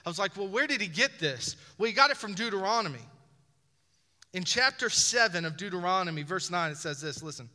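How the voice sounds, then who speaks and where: A man's voice: sits high, animated, fairly quick, sharp tone. A man preaching a sermon as pastor, building emphasis with repeated phrases and direct appeals to his listeners. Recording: reverberant hall.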